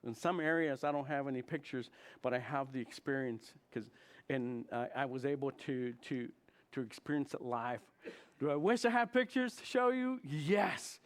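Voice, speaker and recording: A man in his fifties, a chaplain giving an informal sermon talk, animated and laughing often as he acts out what others said. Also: mid-range voice, moderate pace. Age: 50s.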